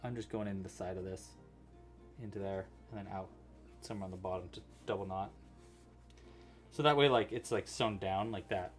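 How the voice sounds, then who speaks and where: A man's voice: low voice, normal speed, pauses often, soft background music. A man hosting a casual crochet-along livestream, chatty and thinking aloud as he works.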